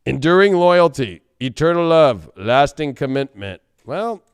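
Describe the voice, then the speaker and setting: A man giving a casual tarot reading, profane and joking, bursting into shouts and silly voices. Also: a little high, very animated, unhurried, clear, resonant tone, dry recording, studio quality. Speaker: tarot reader.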